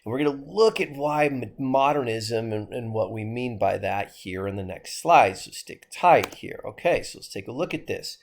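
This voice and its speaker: A man's voice: medium pitch, animated, normal speed, vocal fry, few pauses. A man with a Midwestern American accent giving a history lecture to his class, asking rhetorical questions as he goes. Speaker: history teacher.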